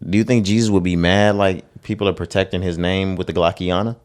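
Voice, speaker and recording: A young man with a deep, low-pitched voice co-hosts a podcast. He talks in a relaxed, slangy way and laughs easily. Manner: slangy, laid-back, quick to laugh. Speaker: podcast co-host. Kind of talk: casual chat.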